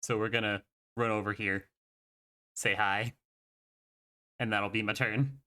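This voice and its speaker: A man's voice: on the low side, fairly even intonation, unhurried, bright, forceful tone. A man playing a tabletop game, giggly and wavering over his choices. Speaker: player.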